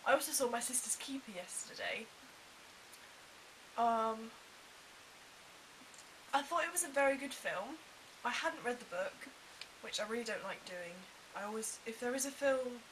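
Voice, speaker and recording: A young woman chatting casually to camera, animated and full of quick asides. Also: a little high, recorded from a distance, poor audio. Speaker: vlogger. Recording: faint hiss.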